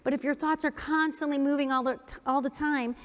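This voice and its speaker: Woman, keynote speaker, guided breathing talk, playful and upbeat, soft slow cues, long hall reverb. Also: sits high, steady tone. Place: large conference hall.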